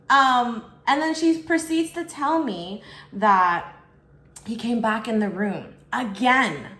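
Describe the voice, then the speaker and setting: Young woman vlogger, casual storytime, chatty, lots of "like", mid pitch, echoey room. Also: a bit bright. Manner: chatty, fills speech with "like", acts out others in quotes. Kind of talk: casual storytime while eating. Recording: roomy echo.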